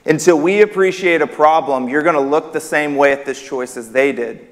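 A man preaching a sermon, his voice sitting a little high for a man and lifting on the words he stresses. The emphatic delivery rings out with a long reverb that fills the church hall around him. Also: normal speed. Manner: emphatic, rising on key words.

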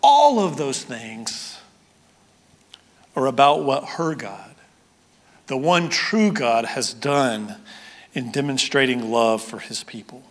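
A man preaching a sermon as pastor, moving between loud, excited storytelling and quiet, hushed emphasis. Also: mid-range voice, slow, pauses often, big-room sound.

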